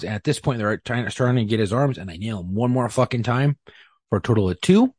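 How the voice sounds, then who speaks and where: A man, a police officer, telling a story in casual podcast talk, profane and animated, acting out what people said. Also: medium pitch, quick pace, husky, dry recording, clean studio sound. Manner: profane, animated, acts out quotes.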